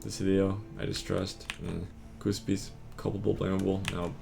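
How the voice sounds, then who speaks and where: A man quizzing himself on word cards, muttering terse answers and quick verdicts of right or wrong. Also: low voice, little pitch movement, gravelly, over music. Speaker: vlogger drilling vocabulary.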